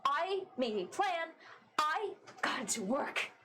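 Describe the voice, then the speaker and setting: A woman's voice: high voice, very animated, takes it slowly, slight background noise, voice pushed up, full character voice. A woman voicing a bitter, defiant young woman who lashes out in scorn. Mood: scornful. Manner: shouting, scornful, biting.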